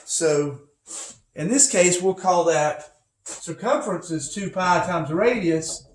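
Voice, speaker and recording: A man teaching physics from home, talking casually and rambling into asides. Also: on the high side. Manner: rambling, chatty, with many asides. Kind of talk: casual recorded lecture. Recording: echoey room, faint noise.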